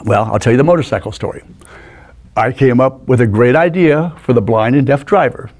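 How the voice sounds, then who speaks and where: A man in his sixties telling animated stories as a guest in a studio interview, acting out the people in them. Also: medium pitch, a little fast. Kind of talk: anecdotal storytelling.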